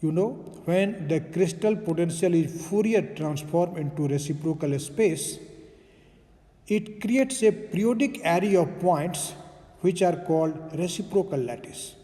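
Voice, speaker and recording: A man's voice: high voice, unhurried, mellow, in a large hall. A man giving a recorded physics lecture, explaining step by step with frequent fillers and "okay".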